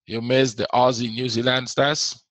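A man's voice: mid-range voice, flat delivery, moderate pace, a bit bright, dry recording, low-quality recording. A man teaching a live trading webinar, repeating his points and answering viewers as he goes. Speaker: forex trading instructor.

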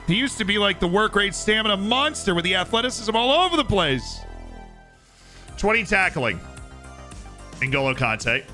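A man streaming a video game live, chatting casually with excitable, laughing banter. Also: high-pitched.

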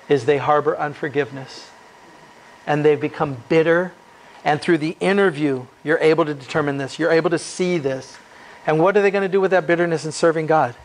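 A man preaching in a church, reading scripture and breaking in with casual asides and rhetorical questions. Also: on the high side. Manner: reads scripture then adds casual, joking asides. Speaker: pastor. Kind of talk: expository sermon.

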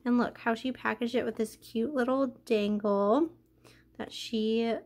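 A young woman chatting casually as she unboxes a craft package, gushing and excited, gasping often. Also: on the high side, moderate pace. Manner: gushing, excited, many gasps and "oh my gosh". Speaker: craft vlogger.

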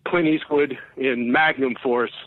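A man telling a rambling, excitable story as a comedian guest on a casual podcast, often laughing. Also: medium pitch, a little slow, no room sound. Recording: tinny phone line.

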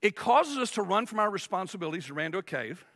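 Male pastor, sermon delivery, high, bright and raspy, emphatic, big echoing sanctuary. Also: sing-song, fast. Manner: emphatic preaching, acts out whiny voices. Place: large church sanctuary. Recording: long reverb of a church hall.

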